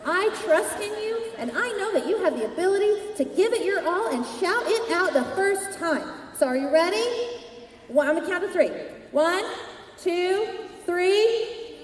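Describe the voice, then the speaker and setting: A woman giving an energetic motivational keynote at a sales convention. She keeps asking the crowd questions, and her voice is worn from shouting. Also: very high-pitched, moderate pace, slight background noise. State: losing her voice. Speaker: sales conference speaker. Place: large convention hall. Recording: echoey hall, voice from far off.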